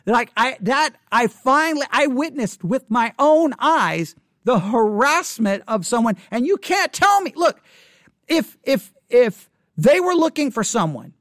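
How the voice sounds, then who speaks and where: A man's voice: very high-pitched, big pitch swings, measured pace, a bit bright, no room sound, studio quality. A man who hosts a Christian video channel, telling a personal story in an impassioned, indignant way and quoting what was said. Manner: impassioned, indignant, retells with quoted dialogue.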